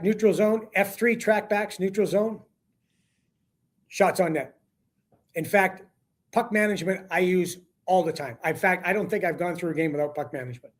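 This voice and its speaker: Guy spinning a hockey story on a talk show, kinda high voice, gets loud when quoting people. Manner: animated, acts out quotes with rising voice. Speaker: hockey broadcaster guest.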